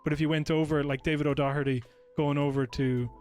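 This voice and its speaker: A man's voice: on the high side, little pitch movement, fast, darkish tone, faint music behind. A man from Ireland co-hosting a podcast, rambling casually and swearing freely. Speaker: podcast co-host.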